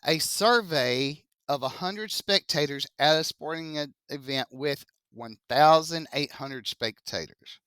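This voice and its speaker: Bright-voiced teacher quizzing a class. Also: mid-range voice, a little slow, hardly any pauses, smooth, no room sound, studio quality. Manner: chatty, joking asides, quizzing students. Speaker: math teacher. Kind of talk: classroom statistics lecture. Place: classroom with live students.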